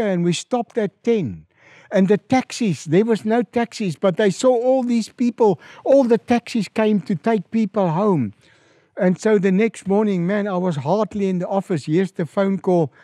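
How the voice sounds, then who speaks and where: Animated South African pastor, dry sound. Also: male voice, moderate pace, no room sound. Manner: animated storyteller, rises in pitch and volume acting out quoted calls. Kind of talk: storytelling in an interview.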